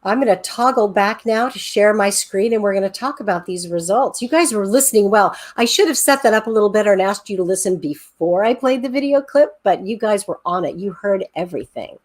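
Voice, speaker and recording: A woman's voice: mid-range voice, animated, brisk, few pauses. A woman teacher giving an enthusiastic, encouraging online class over a video call, counting aloud and tapping out rhythms. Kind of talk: online class lesson, screen-sharing.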